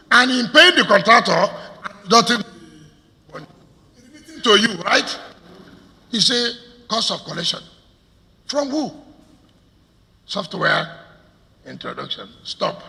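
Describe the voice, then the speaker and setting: A Nigerian-accented state governor with a high, creaky, pushed and bright voice gives a combative public address to stakeholders, firing off rhetorical questions in a reverberant hall.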